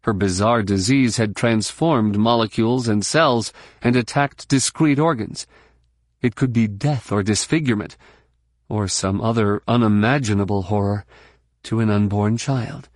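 A man narrating a novel in a low, unhurried voice, measured and even. The recording is close and dry, with no room sound. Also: no echo. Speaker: audiobook narrator. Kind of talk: scripted narration.

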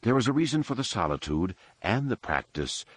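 A man voicing a young Jedi older brother who lectures quietly and sarcastically. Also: fairly low pitch, big pitch swings, fairly quick, dry recording, pitched above the performer's own voice. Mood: lecturing.

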